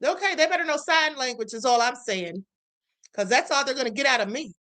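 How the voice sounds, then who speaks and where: A woman hosts a livestream and reacts to clips. Her voice is high and bright, and she talks in a sassy, casual way, calling viewers honey and baby. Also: fairly quick. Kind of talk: casual commentary.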